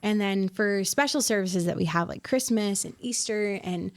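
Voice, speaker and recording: A woman in her twenties, a worship pastor being interviewed on a podcast, talking in a reflective, soft-spoken way with many fillers. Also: medium pitch, normal speed. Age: 20s.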